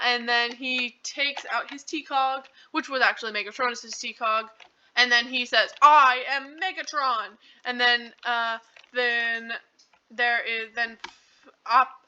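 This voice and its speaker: High, bright-voiced woman rambling. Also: clear, resonant tone. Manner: rambling, heavy on fillers and "like". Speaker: channel host. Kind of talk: casual movie recap. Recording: dull lo-fi recording.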